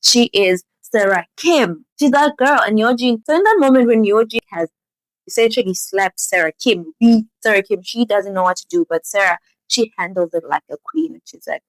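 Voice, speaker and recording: A young woman in a casual, animated show recap, full of "like". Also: mid-range voice, normal speed, no room sound, rough recording. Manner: animated storytelling, lots of "like". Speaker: vlogger.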